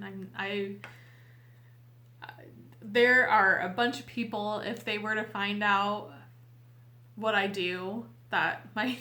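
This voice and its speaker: A woman host talking casually and heartfelt to her viewers, tearful and earnest, with a halting way of speaking. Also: mid-range voice, bright, forceful tone. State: weepy, tearful. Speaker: tarot reader and channel host. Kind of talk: casual heartfelt talk to camera.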